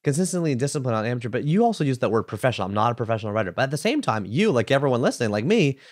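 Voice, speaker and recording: A man's voice: medium pitch, sing-song, rapid-fire, darkish tone, no room sound. Guy hosting a podcast, eager and emphatic, dead dry sound. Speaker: podcast host. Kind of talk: conversational interview.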